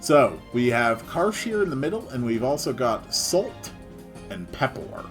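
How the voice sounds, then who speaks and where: A man's voice: mid-range voice, very animated, unhurried, soft background music. A man giving casual gameplay commentary with dry, joking asides. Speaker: let's-play host.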